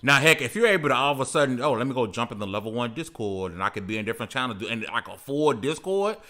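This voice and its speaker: A man hosting a casual panel chat, animated and quick with slang and asides. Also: mid-range voice.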